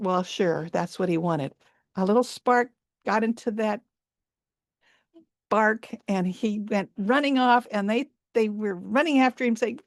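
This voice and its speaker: Speaking at a moderate pace in a mid-range voice, a woman storyteller shares a folk tale live via video call. She leans on repeated words and rich sensory description, and the recording is dry and studio quality.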